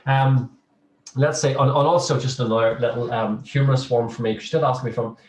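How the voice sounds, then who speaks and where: A man's voice: mid-range voice, steady tone, fairly quick, a little mellow. Chatty, humorous male lecturer, roomy distant sound. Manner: chatty and humorous, with frequent restarts. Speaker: social work lecturer. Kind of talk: casual interview chat.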